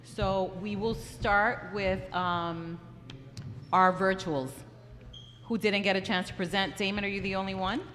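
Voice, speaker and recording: A woman's voice: medium pitch, fairly even intonation, unhurried, fairly bright tone, long reverb tail, slight background noise. A woman chairing a community board meeting, firm and steering the discussion along.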